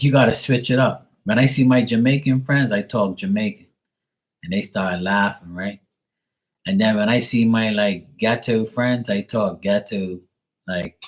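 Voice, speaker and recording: A man's voice: on the low side, breathy edge. A man from Bermuda, chatting casually on his livestream and telling stories, swearing freely and imitating how his friends talk. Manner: storytelling, profane, mimics friends' slang. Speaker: live tarot reader and streamer.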